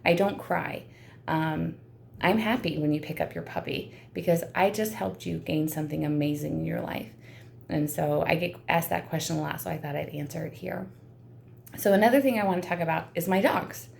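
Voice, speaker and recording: A woman's voice: lowish voice, gravelly, darkish tone, a little hiss or hum. A woman dog breeder talking earnestly and emotionally to the camera while seated indoors, with frequent ums. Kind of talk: heartfelt talk to camera.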